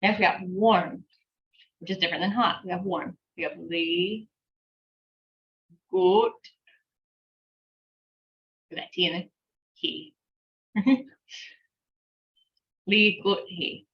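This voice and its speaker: A woman teaching an online language class, patiently breaking words into syllables and repeating them slowly, with a light laugh now and then. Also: lowish voice. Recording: dull lo-fi class recording.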